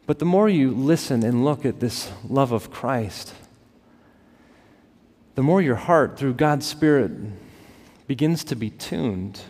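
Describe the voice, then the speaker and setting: A man preaching a sermon as pastor, building to emphatic peaks and dropping to soft, quiet lines. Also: medium pitch, animated, takes it slowly. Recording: long reverb of a large hall.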